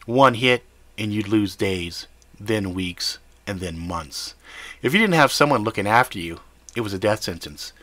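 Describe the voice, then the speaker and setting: Male narrator, gritty first-person fiction, lower voice, bright forceful tone, dry close sound. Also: expressive, measured pace, no echo. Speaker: storyteller.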